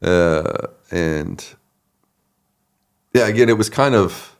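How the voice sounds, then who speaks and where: A man with a deep, creaky voice speaks slowly as he tells his own story as an associate pastor. He's relaxed in this conversational storytelling, laughing a lot and acting out what other people said.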